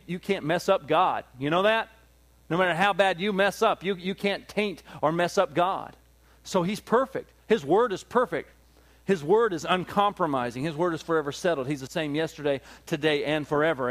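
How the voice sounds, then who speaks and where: A man with a high voice preaches from the pulpit. He drives his points home by repeating himself. He keeps turning to his listeners with questions. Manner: emphatic, repetitive preaching with rhetorical questions. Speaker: pastor. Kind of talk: sermon.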